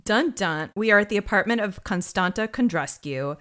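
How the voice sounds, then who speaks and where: A woman's voice: medium pitch, normal speed. A woman co-hosting a podcast, recapping an episode in casual chat with snark and free swearing. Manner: animated, snarky, swears freely. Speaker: podcast co-host.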